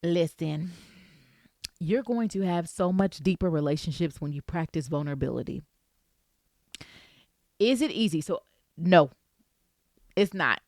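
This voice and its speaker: Woman doing a chatty faith vlog, playful and lively, kinda lowish voice, super dry sound. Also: measured pace, pauses often, no room sound. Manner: lively, playful, speaks straight to the viewer with "girl" and "baby". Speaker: Christian faith vlogger. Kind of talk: casual faith talk to the viewer.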